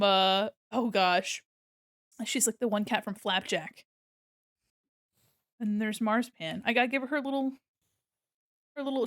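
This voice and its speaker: A woman's voice: fairly high pitch, a bit bright, no echo, clean studio sound. A young adult woman streaming casually while she draws, rambling and giggling often and swearing freely.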